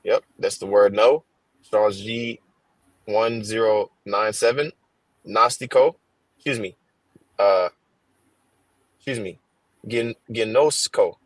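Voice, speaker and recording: A low-pitched man reads scripture in a laid-back study session. He stops often with fillers and restarts. The sound is dry and close. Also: fairly even intonation, dry recording, poor audio. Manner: halting, reads slowly with fillers. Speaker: scripture reader in a Bible class. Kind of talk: casual reading and discussion. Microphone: headphones on a stream.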